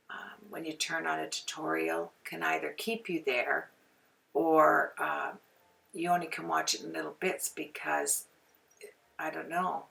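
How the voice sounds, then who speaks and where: A woman's voice: low voice, gravelly, a bit bright, recorded from a distance. A woman from Canada hosting a card-making tutorial, chatting as she works and often wandering off on tangents. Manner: chatty, rambling, goes off on tangents. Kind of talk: casual craft demonstration. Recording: voice from away from the mic.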